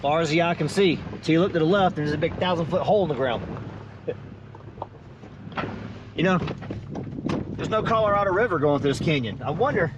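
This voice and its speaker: A man's voice: on the high side, animated, a little fast, pauses often, highs cut off. A man, chatting casually and folksily as he narrates an off-road drive from inside his Jeep. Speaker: off-road vlogger. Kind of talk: casual narration while driving. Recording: engine and road noise behind.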